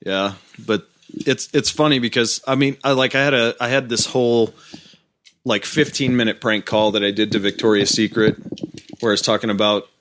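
A man's voice: fairly low pitch, fairly even intonation, moderate pace, fairly bright tone. Rambling storytelling man. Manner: rambling storyteller, laughs often. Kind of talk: casual chat.

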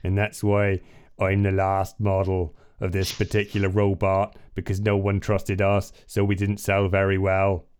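A man's voice: low voice, monotone, unhurried, darkish tone, clear, resonant tone. A man voicing a cheap, unloved male robot doctor with a West Country accent and a drawling, pirate-like delivery. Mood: sheepish.

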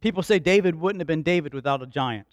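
A man preaching a sermon, telling a story dramatically, acting out the dialogue and shouting for emphasis. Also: a little high, fast, no echo.

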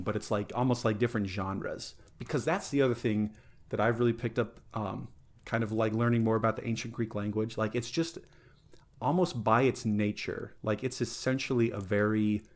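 Enthusiastic rambling man on a podcast. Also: medium pitch. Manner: enthusiastic, rambling, lots of fillers. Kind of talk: casual podcast chat.

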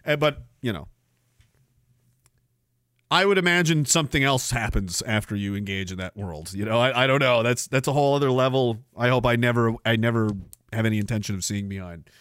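A man's voice: medium pitch, fairly quick, fairly bright tone, clear, resonant tone, dry recording, studio quality. Brash, sarcastic Canadian man ranting. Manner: crude, sarcastic, rambling, with frequent restarts. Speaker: livestream host. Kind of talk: casual ranting livestream monologue.

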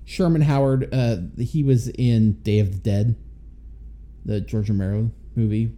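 A man's voice: on the low side, fairly even intonation, a little slow, mellow. A man co-hosting a podcast, chiming in with short agreements and film trivia in casual chat. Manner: brief agreeing replies, trivia. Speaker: podcast co-host. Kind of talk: casual movie review chat.

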